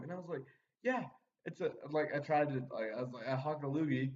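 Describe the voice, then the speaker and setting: A man's voice: fairly high pitch, a little fast. A young man telling a story in casual chat, rambling with many fillers and frequent laughter. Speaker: podcast guest storyteller. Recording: muffled sound, distant from the mic.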